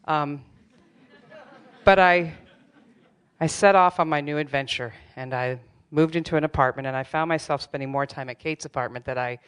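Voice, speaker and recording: A woman's voice: sits low, normal speed, clear, resonant tone. A middle-aged woman telling a true personal story on stage, candid and wry, with self-deprecating humor. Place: theater stage before a live audience.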